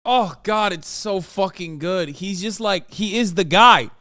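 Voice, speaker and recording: A man's voice: high voice, unhurried, sharp tone, no room sound, studio quality. A male streamer giving casual, profane, incredulous commentary as he reacts to a show.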